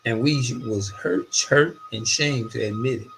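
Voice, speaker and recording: A man's voice: medium pitch, unhurried, vocal fry, soft background music, low-quality recording. A middle-aged man tells a rambling, profane story in a casual monologue. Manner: animated, profane, loosely phrased storytelling.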